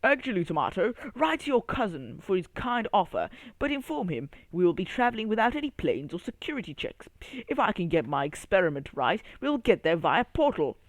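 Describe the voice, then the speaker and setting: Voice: medium pitch, animated, brisk, no room sound, pitched above the performer's own voice, lightly acted. A storyteller voicing an earnest male fruit scientist who explains his experiments in a children's story.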